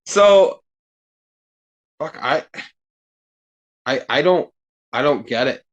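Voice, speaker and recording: A man as a podcast guest, talking in casual chat and sounding exasperated, swearing freely and getting animated. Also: fairly high pitch, slow, highs cut off.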